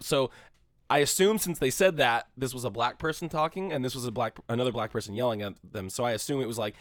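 Casual podcast co-host, male, rapid delivery, dry close sound, loose and profane. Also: mid-range voice, lively intonation, no room sound. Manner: rambling, swears freely, acts out shouting crowds. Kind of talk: casual chat.

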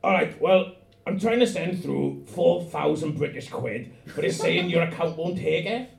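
A man's voice: on the high side, lively intonation, measured pace, creaky, reverberant, pitched above the performer's own voice. A man voicing a cocky, blustering Welsh man who writes to a donation office, in a put-on Welsh accent.

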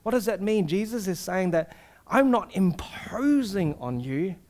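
A man's voice: high voice, expressive, measured pace, a little mellow. A male pastor preaching an earnest, personal sermon, asking the congregation rhetorical questions.

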